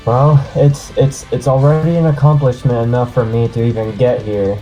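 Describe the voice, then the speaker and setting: A man's voice: medium pitch, flat delivery, moderate pace, mellow, faint music behind. A man interviewed as a competitor, out of breath and stumbling over repeated words. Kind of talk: post-run interview.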